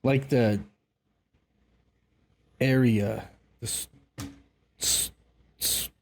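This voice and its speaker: Canadian male co-host, mid-pitched, dry joking chat. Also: steady tone, very slow, vocal fry. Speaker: podcast co-host. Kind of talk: casual chat.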